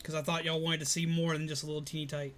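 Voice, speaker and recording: A man's voice: on the high side, little pitch movement, racing, fairly bright tone, a little hiss or hum. A man in casual live-stream chat, answering viewer comments while recovering from illness. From Alabama, US.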